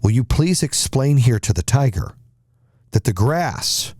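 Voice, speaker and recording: A man's voice: mid-range voice, big pitch swings, unhurried, darkish tone, slightly rough, dry recording, clean studio sound, pitched above the performer's own voice. A man doing a stubborn bragging donkey. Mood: boastful. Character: stubborn, boastful male donkey who will not budge.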